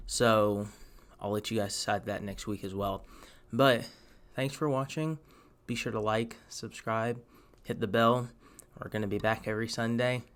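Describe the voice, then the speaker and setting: A man, a sneaker vlogger, wrapping up his video in a relaxed, low-key way as he talks to his viewers. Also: moderate pace. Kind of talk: casual vlog sign-off.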